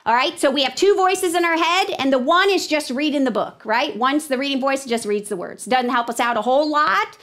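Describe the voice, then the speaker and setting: A woman teacher talking to students in a classroom lesson, lively and expressive, sometimes dropping to a whisper. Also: sits high, brisk, few pauses. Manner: animated, drops to a whisper for the thinking voice.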